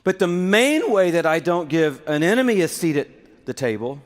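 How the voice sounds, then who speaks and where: A middle-aged man preaching a sermon in a large hall, animated and acting out little scenes to make his point. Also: on the high side, normal speed. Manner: animated, acts out little skits with props. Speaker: pastor. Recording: reverberant hall.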